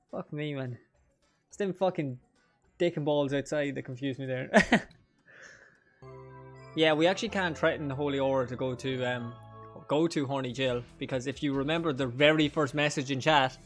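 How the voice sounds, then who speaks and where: A young man, streaming a game with crude jokes and frequent laughter. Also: a little high. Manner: crude, joking, laughs often. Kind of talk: live gameplay commentary.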